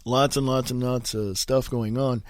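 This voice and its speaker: A man's voice: mid-range voice, fairly even intonation, measured pace, no echo, studio quality. A man hosting a casual solo podcast, congested and sniffly from a sinus infection, rambling loosely and mumbling his asides. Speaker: podcast host. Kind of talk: casual solo podcast with read-aloud articles.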